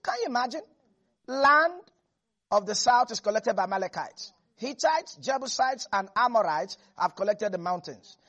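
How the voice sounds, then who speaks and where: A preacher delivering an animated, humorous sermon to a congregation. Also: mid-range voice, normal speed. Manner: animated, jokes and laughs with the congregation.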